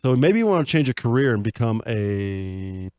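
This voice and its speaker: A man's voice: medium pitch, big pitch swings, moderate pace, a little mellow, smooth, no room sound. A man hosting a comedic advice panel, joking and reading listener letters aloud in a raised, upbeat voice.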